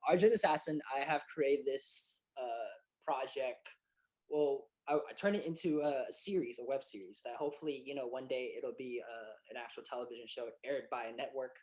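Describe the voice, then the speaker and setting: A man, a filmmaker and actor guest telling stories in a casual interview, excitable and animated, with many fillers and restarts. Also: mid-range voice.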